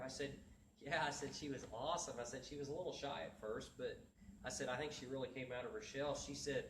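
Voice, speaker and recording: A man's voice: medium pitch, brisk, fairly bright tone, echoey room. Guy telling a heartfelt story on stage, acting out other voices, sounds far from the mic with some room hum. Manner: earnest storytelling, acts out quoted voices. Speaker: motivational speaker. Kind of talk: storytelling talk to an audience.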